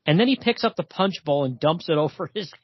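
A man's voice: fairly high pitch, expressive, fairly quick, breathy edge, no room sound, lo-fi sound. A man hosting a podcast, casually chatting and reading comic-book dialogue aloud with light emphasis and frequent chuckles. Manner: reads quoted lines with light emphasis, chuckles often. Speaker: podcast host.

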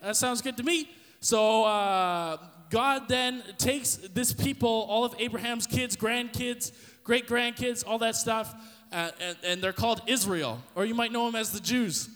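A man with a high voice tells a Bible story casually, full of slang and stumbling restarts. His podcast voice rings with a long reverb. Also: measured pace, a bit bright. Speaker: podcast host.

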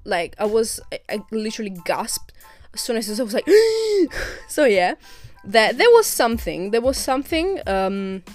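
A woman's voice: mid-range voice, lively intonation, normal speed, hardly any pauses, soft background music. Chatty Italian-raised young woman podcaster. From Italy. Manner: chatty, rambling, with frequent restarts and laughs. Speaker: podcast host. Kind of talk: casual solo podcast chat.

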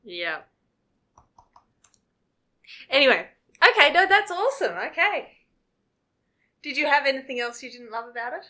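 A woman's voice: sits high, very animated, brisk, bright, forceful tone. A woman co-hosting a podcast in casual chat, enthusiastic, asking questions and agreeing readily. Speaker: podcast co-host.

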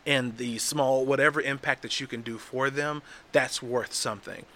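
A man's voice: mid-range voice, steady tone, moderate pace, bright, forceful tone. A man from Texas talking casually and earnestly as a podcast guest, with frequent restarts.

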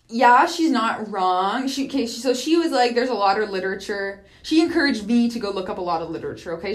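Chatty, swearing woman host. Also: medium pitch. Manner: profane, chatty, laughs often. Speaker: podcast host. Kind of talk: casual monologue.

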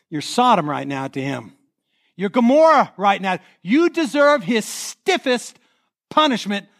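A male pastor delivers a sermon to his congregation with a notably high voice. He preaches animatedly, slipping into quoted voices and asking the room to repeat phrases back. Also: fairly bright tone. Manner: leads the congregation in call-and-response. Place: church sanctuary.

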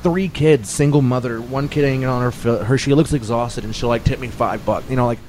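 A man's voice: mid-range voice, a little mellow, slight background noise. A man in casual chat, bluntly complaining about bad tippers with plenty of swearing. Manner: blunt, fast, profane complaining. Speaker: pizza delivery driver.

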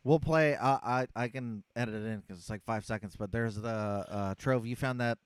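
A man's voice: mid-range voice, moderate pace, clean tone. A man, a podcast co-host chatting offhandedly. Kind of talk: casual chat.

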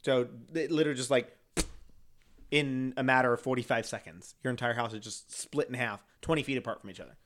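A man's voice: mid-range voice, a little fast, fairly bright tone. A man hosting a casual comedic chat, reading out facts with stumbles and joking asides. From United States. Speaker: podcast host presenting the topic.

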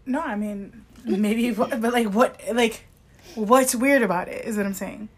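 A woman's voice: fairly high pitch, a little slow. A woman co-hosting a podcast, thinking aloud in casual book talk and asking questions. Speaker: podcast co-host.

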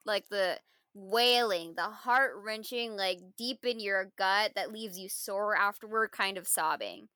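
A woman's voice: medium pitch, unhurried, bright, forceful tone, clear, resonant tone, no echo, clean studio sound. A woman co-hosting a casual film review podcast, talking thoughtfully and reflectively, full of "like" and "you know". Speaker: podcast co-host.

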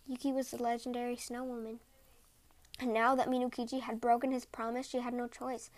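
A woman podcast host reading folk tales aloud in a gentle, measured way. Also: a little high, level tone. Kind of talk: storybook reading.

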